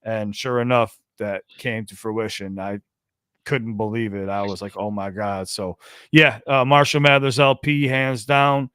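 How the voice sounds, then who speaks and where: An American man hosting a call-in podcast, talking casually and excitedly, often restarting his phrases. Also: medium pitch, a little slow, clear, resonant tone, dry recording, clean studio sound. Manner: chatty, repeats himself and restarts phrases. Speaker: podcast host taking calls.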